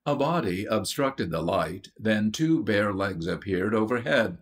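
A man narrating a children's story from an audiobook in a measured storytelling manner. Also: on the low side, lively intonation. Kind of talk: scripted narration.

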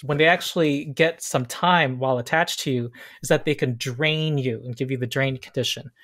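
A man running a tabletop role-playing session as game master, explaining rules in a relaxed way and reading scene descriptions slowly. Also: mid-range voice.

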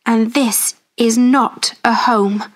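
A woman voicing a poor, brave young girl in a storybook, speaking quietly and earnestly. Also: a little high, steady tone, slow.

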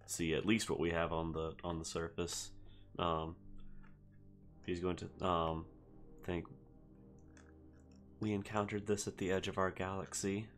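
A man playing a tabletop game, talking in a hesitant, halting way with many fillers. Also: low voice, a bit bright. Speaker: player. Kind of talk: casual tabletop role-play.

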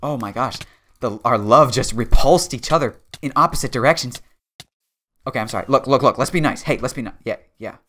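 A man's voice: mid-range voice, fairly quick, sharp tone, slight background noise. Joking young man narrating his game.

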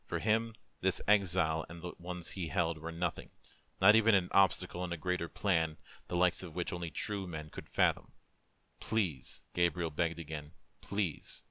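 Deep-voiced man narrating a dark story. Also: fairly even intonation, dry recording. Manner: solemn, emotive, measured. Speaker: narrator, streamer. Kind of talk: dramatic story reading.

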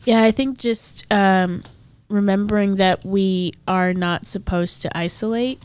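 A young woman, a worship leader guest, speaking thoughtfully and gently in a casual interview. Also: mid-range voice, fairly even intonation, a little slow, clean tone.

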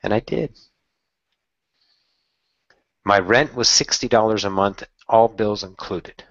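A man with a deep, husky voice tells his own story in a candid, excitable way and swears now and then. The sound is dry and close, on a dull lo-fi recording. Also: slow pace, dry recording. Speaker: channeler telling his story. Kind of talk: casual personal storytelling.

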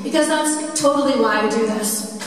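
A woman on stage talking to a concert audience between songs, chatty and confiding, gently poking fun at herself. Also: high-pitched, moderate pace, slight background noise. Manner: chatty, self-deprecating, confiding. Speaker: singer addressing a concert audience. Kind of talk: casual stage banter. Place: large cave concert venue with live audience. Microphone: stage microphone through a PA. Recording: cavernous echo from far off.

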